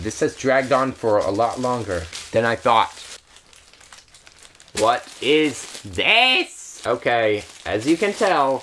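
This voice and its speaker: A man hosting a casual unboxing vlog, gushing and giggling over each item and easily moved, in a chatty, excitable way. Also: medium pitch, slight background noise. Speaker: YouTuber.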